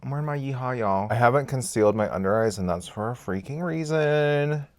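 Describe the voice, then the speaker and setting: A man chatting candidly to camera as a beauty vlogger while doing his makeup, swearing freely and swinging between loud outbursts and quiet asides. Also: medium pitch, lively intonation, brisk. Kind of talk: casual get-ready-with-me chat.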